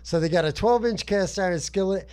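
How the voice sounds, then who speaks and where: A man's voice: high-pitched, fairly quick, darkish tone, clear, resonant tone. A man co-hosting a podcast, telling rambling stories full of swearing and laughter. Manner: profane, laughing, rambling storytelling. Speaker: podcast co-host. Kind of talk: casual podcast banter.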